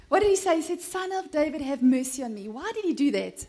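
Lady pastor preaching, high voice, keeps asking for amens. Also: normal speed. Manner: animated, asks the congregation for amens, laughs often. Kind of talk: sermon.

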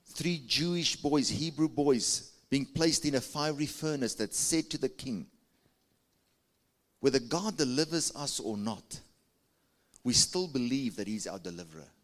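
Expressive and unhurried, a South African man preaches a sermon to his church. He coaxes the people, with big pitch swings, to answer him and lift their hands.

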